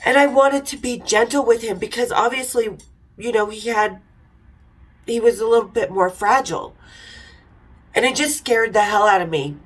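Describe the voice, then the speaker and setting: A woman's voice: fairly high pitch, normal speed, long pauses, poor audio. A middle-aged woman telling frank, irreverent stories in a casual chat, now and then laughing. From Utah. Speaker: podcast host telling stories. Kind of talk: casual storytelling.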